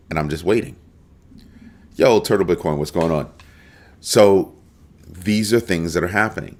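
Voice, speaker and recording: Deep-voiced man hosting live crypto commentary. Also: a little slow, pauses often. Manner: animated, emphatic, greets chat viewers. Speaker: crypto show host.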